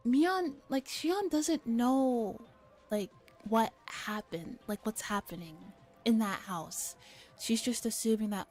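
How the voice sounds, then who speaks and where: A young woman streamer chatting casually and softly between readings, rambling with lots of fillers and casual swearing. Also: mid-range voice. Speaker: streamer reading a novel aloud. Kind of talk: casual soft-spoken commentary.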